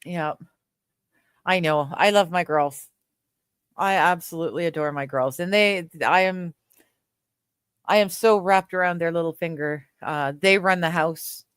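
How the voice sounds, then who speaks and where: A woman's voice: on the low side, a little slow, pauses often, clean tone, no room sound, studio quality. A woman from Canada hosting a casual livestream chat, reading viewer comments aloud, laughing often and trailing off with fillers. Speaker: livestream host.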